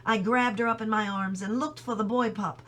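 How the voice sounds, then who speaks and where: A woman reads a novel chapter aloud at a steady storytelling pace. Her voice sits a touch above middle pitch for a woman. She stumbles now and then and corrects herself without fuss. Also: moderate pace. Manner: plain, steady storytelling with small slips. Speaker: reader.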